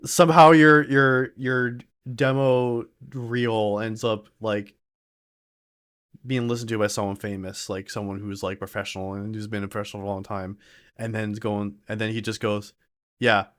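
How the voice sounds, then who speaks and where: A man streaming live, chatting casually and excitedly in a rambling way with many fillers. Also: lowish voice, normal speed, clear, resonant tone. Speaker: streamer reacting to a panel video. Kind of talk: casual chat while drawing.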